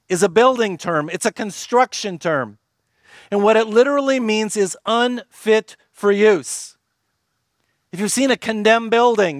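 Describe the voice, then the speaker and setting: A man preaching a sermon with earnest emphasis, slowing down and dropping his voice low on key phrases. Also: dry recording, clean studio sound. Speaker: pastor.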